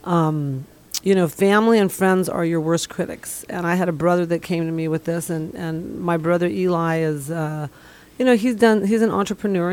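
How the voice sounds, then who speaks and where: A woman's voice: lowish voice, a little mellow. A middle-aged woman from the Middle East telling a long personal testimonial in an earnest, rambling way. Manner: earnest, rambling, many fillers. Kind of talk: casual storytelling.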